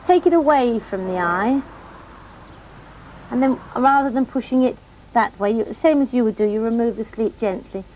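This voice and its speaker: A middle-aged woman, a riding instructor, calmly demonstrating horse care to children step by step. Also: on the high side, moderate pace, muffled recording, slight background noise. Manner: calm, gentle, explains each step patiently. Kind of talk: hands-on demonstration teaching children.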